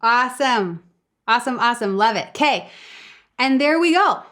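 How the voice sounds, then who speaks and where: A woman vocal coach hosting a live online singing lesson, praising students and handing over to a colleague in a relaxed, conversational way. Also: on the high side, moderate pace.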